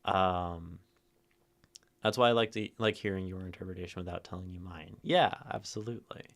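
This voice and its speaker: A man hosting a poetry livestream, thinking out loud to chat, shifting word stress and checking in with "right?". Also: sits low, steady tone, normal speed, vocal fry. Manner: thoughtful, tags phrases with "right?"; plays with stress, rereading lines different ways. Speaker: streamer hosting a poetry reading. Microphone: streaming mic and camera.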